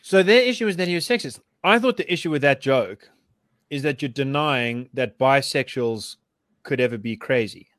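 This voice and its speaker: A man's voice: medium pitch, moderate pace, fairly bright tone, no echo. A man co-hosting a casual chat, rambling and hesitant with lots of restarts. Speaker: podcast co-host.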